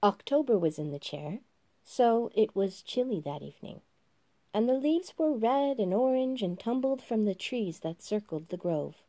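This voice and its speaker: A woman hosting a podcast reads a story aloud in a gentle, relaxed way. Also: on the high side, normal speed, no room sound. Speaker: podcast host reading a story. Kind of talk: storybook narration.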